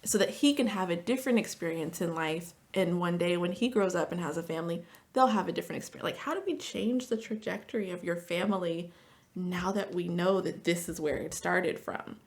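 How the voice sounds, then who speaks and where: A woman therapist talking casually as a podcast guest, chatty, with lots of "like" fillers and lively storytelling. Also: lowish voice, brisk. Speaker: marriage and family therapist.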